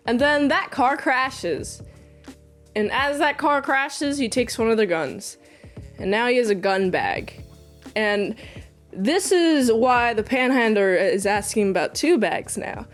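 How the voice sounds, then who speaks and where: Casual woman film reviewer, high voice, rambling and sarcastic, light music under her. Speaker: movie reviewer. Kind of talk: casual movie recap.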